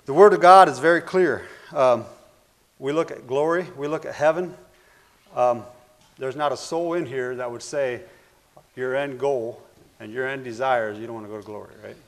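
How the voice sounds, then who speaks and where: Male preacher, gravelly, earnest sermon delivery with loud and soft swings. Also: medium pitch, normal speed. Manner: earnest, repeats phrases, swings between loud and hushed.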